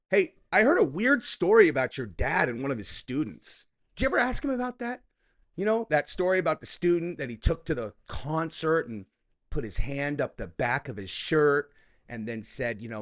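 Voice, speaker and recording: A man in his thirties hosting political reaction commentary, sarcastic and mocking with loud outbursts. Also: mid-range voice.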